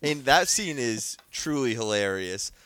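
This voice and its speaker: Lively, giggly man with animated pitch. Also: measured pace, no room sound. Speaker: podcast co-host. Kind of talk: casual comedic chat.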